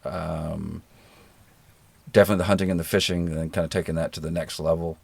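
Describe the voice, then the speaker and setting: A middle-aged American man with a very deep, husky voice, talking as a guest in a relaxed interview. He tells stories in an easygoing, self-deprecating, folksy way. The sound is dry and close. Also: fast talker, no echo. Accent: generic American. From rural Georgia, American South. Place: living in New Zealand.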